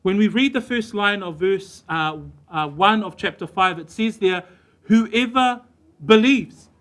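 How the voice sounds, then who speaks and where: A man preaching a church sermon in an emphatic way, slowing down and stressing key words. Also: high voice, sharp tone. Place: church service.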